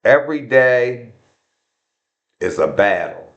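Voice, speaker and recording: Speaking slowly in a mid-range, very animated voice, a vlogger talks frankly and earnestly to his viewers, leaning on slang and repeating himself for emphasis. The recording has its highs cut off.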